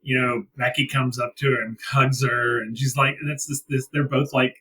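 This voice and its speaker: A man's voice: medium pitch, little pitch movement, normal speed, bright, forceful tone, slight background noise, poor audio. Gushing male podcast co-host. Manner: gushing, retells his reactions. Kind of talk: casual wrestling review chat.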